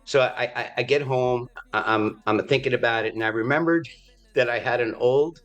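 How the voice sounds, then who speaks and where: A man's voice: medium pitch, moderate pace, lo-fi sound. A middle-aged man, an actor, telling a story in a casual interview and acting out the other people's lines. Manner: animated storyteller, acts out quoted voices.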